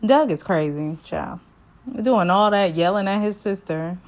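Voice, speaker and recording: A woman giving a casual, slangy recap of a reality show, lively and quick to act out the people she quotes. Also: mid-range voice. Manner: animated, slangy, acts out quotes in voices. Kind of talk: casual sassy recap commentary.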